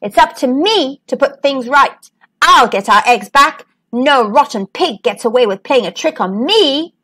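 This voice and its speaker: A woman's voice: lively intonation, measured pace, sharp tone, husky, exaggerated voice. A woman voicing a bold, determined young female bird in a storybook reading. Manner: fierce, high cries.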